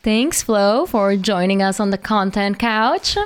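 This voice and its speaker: A woman's voice: medium pitch, measured pace, clean tone, faint music behind. A woman co-hosting a casual video chat, dry and teasing. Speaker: co-host.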